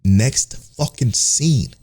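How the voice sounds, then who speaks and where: A man's voice: medium pitch, drawn-out words, slightly rough. A man co-hosting a casual anime podcast. He rants animatedly, swears freely and acts out the characters' lines as he retells scenes. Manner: animated, profane ranting, acts out quoted characters. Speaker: podcast co-host.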